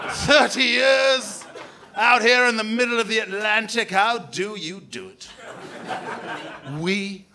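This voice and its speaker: Man, from Canada, stand-up comic, live club set, high-pitched, shouty, silly voices. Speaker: stand-up comedian.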